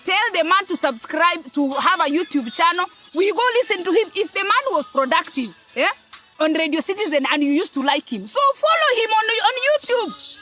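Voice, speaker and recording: A woman's voice: extremely high pitch, expressive, moderate pace, bright, forceful tone, soft background music. A Kenyan woman ranting to her audience in an emphatic, scolding way, repeating words and asking "eh?" between points. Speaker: online commentator. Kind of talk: ranting monologue to camera.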